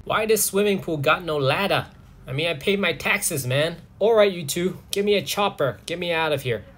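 A man's voice: a little high, normal speed, fairly bright tone, voice pushed up. Figure: cheeky hedgehog. Voiced by a man. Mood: grumbling. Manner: pleading, slangy banter. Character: cheeky trapped male hedgehog, whiny, slangy.

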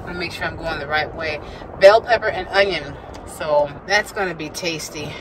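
With heavy background noise around her, a woman vlogger chats casually to viewers while driving her car. Her deep voice keeps a normal speed as she laughs often, talks to herself and sometimes runs short of breath.

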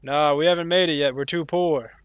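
A man's voice: on the high side, fairly even intonation, fairly quick, clear, resonant tone, no room sound. A man streaming a roleplay game and teasing other players over voice chat with provocative banter.

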